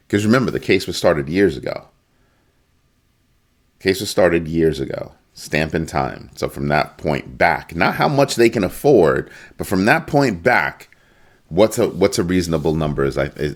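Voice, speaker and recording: A middle-aged man giving casual solo commentary, emphatic and animated, acting out quotes and breaking into sudden high exclamations. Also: normal speed. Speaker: crypto news commentator.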